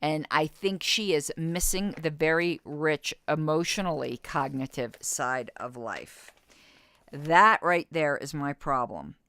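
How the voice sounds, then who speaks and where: A woman in her fifties reads an interview aloud, then argues back bluntly in a lowish voice that swings up and down a lot. The sound is close and dry, with no room echo. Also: a bit bright, clear, resonant tone. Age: 50s. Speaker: podcast host. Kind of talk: reading an interview aloud and commenting.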